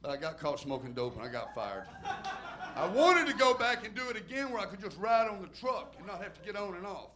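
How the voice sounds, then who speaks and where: A man's voice: high voice, big pitch swings, a little fast, a crowd in the background. A middle-aged man from Alabama with a Southern accent, a stand-up comic on a club stage reciting bawdy, crude poems in a rambling way and laughing at his own lines.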